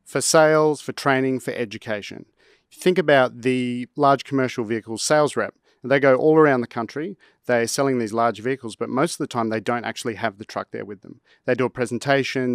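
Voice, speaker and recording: A startup founder giving a rehearsed, punchy and confident sales pitch. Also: male voice, no echo, studio quality.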